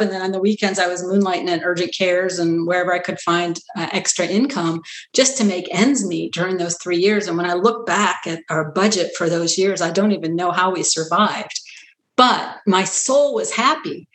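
Low-voiced woman doctor telling stories. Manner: earnest, animated when quoting others. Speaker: family physician, practice founder. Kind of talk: conversational interview storytelling. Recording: roomy echo.

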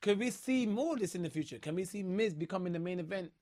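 A man's voice: high voice, lively intonation, fast talker, a little mellow, no room sound. A man hosting a wrestling chat show and interviewing a guest, eager and rambling with lots of fillers.

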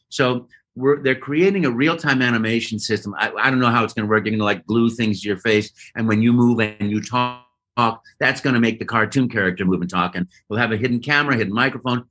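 A man guest telling a lively story in an interview and acting out voices and sounds as he goes. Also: mid-range voice. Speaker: guest voice actor. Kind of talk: animated storytelling.

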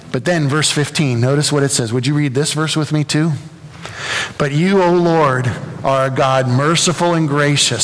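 A man's voice: fairly high pitch, a bit bright. A pastor preaching a sermon, earnest and building to impassioned emphasis, often repeating words as he presses a point. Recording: long reverb of a large hall.

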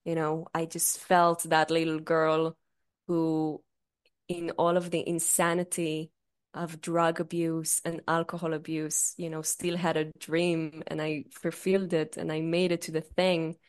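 Low-voiced woman chatting with a laugh. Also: monotone, unhurried, smooth. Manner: chatty, swears freely, laughs often. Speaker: podcast co-host. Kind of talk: casual chat.

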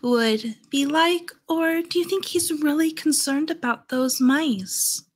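A woman's voice: high-pitched, takes it slowly. A woman playing a character in a tabletop game, eager, curious and polite. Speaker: player. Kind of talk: in-character role-play.

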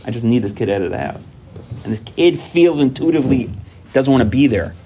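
A dad shares his personal experience at a recovery workshop with animated storytelling, voicing quoted dialogue and frequently repeating himself or starting sentences over. He speaks briskly in a mid-range voice, and the recording has a little hiss or hum.

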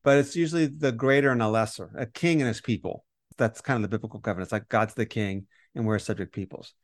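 A man co-hosting a Bible study podcast, explaining scripture in a lively conversational teaching style and acting out the quoted voices. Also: fairly low pitch, fast talker, dry recording, studio quality. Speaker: podcast co-host teaching on Romans.

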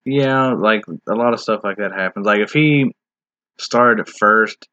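A man's voice: lowish voice, a little slow, bright, forceful tone, no echo, highs cut off. A man in a casual discussion, talking in a rambling, hesitant way with many restarts and filler words.

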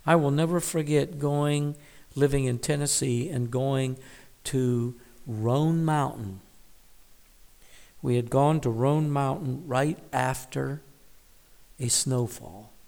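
A man leads a devotional Bible reflection at an unhurried, deliberate pace. His voice sits in a middle register and carries a long, lingering reverb. He is thoughtful and now and then hushes to a whisper to stress a word. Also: mid-range voice, vocal fry. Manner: reflective, drops to a whisper on key words. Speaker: Bible teacher.

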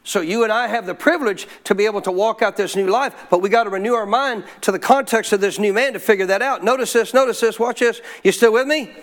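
Middle-aged man, pastor, high voice, punchy call-and-response preaching. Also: fast talker, few pauses, a bit bright. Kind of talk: sermon.

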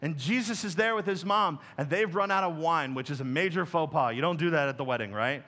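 A man's voice: a little high, a little fast, bright, forceful tone. A man preaching to his congregation in a conversational style, talking to them directly. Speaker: pastor. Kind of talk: sermon. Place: church.

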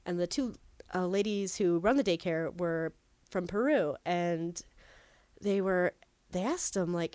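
A woman's voice: on the low side, unhurried, a little mellow, clear, resonant tone, dry recording. A woman co-hosting a podcast, telling a story in casual chat and leaning heavily on "like". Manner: chatty storyteller, heavy use of "like". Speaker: podcast co-host.

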